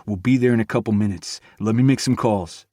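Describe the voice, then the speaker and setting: A man's voice: fairly low pitch, fairly quick, warm tone, no room sound, clean studio sound, close to an everyday voice. A man voicing a worried young male friend. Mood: reassuring. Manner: urgent and reassuring.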